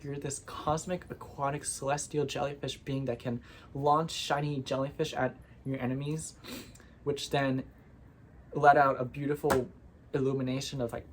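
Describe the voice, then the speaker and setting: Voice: medium pitch, a little hiss or hum. A vlogger chatting casually and at length, wandering off on tangents and getting playfully indignant. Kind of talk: casual rambling monologue.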